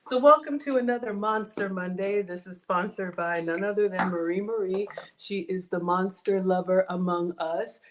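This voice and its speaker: This middle-aged woman hosts a relaxed home cooking livestream from her own setup, bantering playfully and calling out viewers by name. She speaks at a normal pace in a medium pitch, her intonation fairly even, with background noise present.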